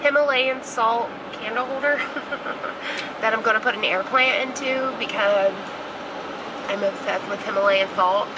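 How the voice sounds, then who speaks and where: Vlogging from her car and various stores, a woman tells a gossipy, animated story loaded with swearing. Her voice is a little high and a little slow, with long pauses, picked up by a handheld camera mic against a noisy background.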